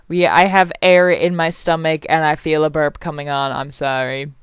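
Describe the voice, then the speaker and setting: A woman's voice: low-pitched, level tone, normal speed, hardly any pauses, clean tone, dry recording. A young woman rambling and swearing through casual let's play commentary as a game channel host, apologizing often.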